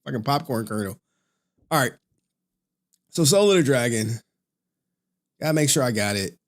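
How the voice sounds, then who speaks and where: Tired young dude on a late stream, rambly, swears a ton, keeps laughing, voice goes up and down a lot. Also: male voice, medium pitch, animated, normal speed. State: tired from lack of sleep. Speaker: streamer host. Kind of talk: casual late-night livestream chat.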